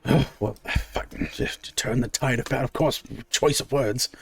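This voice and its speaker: A man's voice: fairly high pitch, lively intonation, moderate pace, lightly acted. A man playing a haughty, rotund customer in a tabletop game. He speaks in a pompous, complaining way. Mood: huffy. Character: haughty, rotund, well-dressed male customer.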